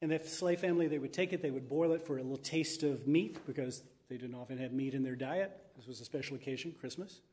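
A man's voice: medium pitch, fast, hardly any pauses, darkish tone. A man teaching about rhythm and dance traditions, with stories and explanations, chanting rhythmic syllables and calling on his audience to join in. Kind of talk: interactive talk leading an audience.

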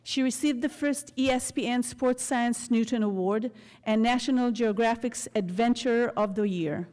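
A woman introduces the speakers at an event in a polished, formal tone, her voice sitting a little higher. A long hall reverb trails her words. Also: normal speed, a little mellow. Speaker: event announcer.

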